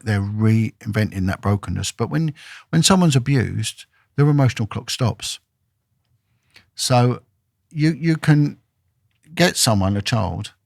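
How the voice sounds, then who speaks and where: Brief: ex-detective man, podcast guest, blunt emphatic delivery with a gravelly edge, dry recording. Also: lowish voice, dry recording. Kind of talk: storytelling in a podcast interview.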